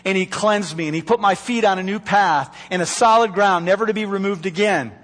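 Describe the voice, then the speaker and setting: A man preaching a sermon from a church pulpit, earnest and pleading, slowing down to stress key words. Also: high voice, fairly bright tone, big-room sound. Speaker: pastor. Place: church sanctuary. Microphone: microphone.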